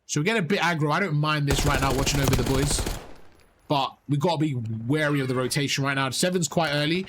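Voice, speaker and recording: A man's voice: fairly high pitch, fast talker, background noise. A man giving live coaching commentary over gameplay, rattling off repeated urgent instructions and talking to his chat. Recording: game gunfire loud behind voice. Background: game gunfire and sound effects.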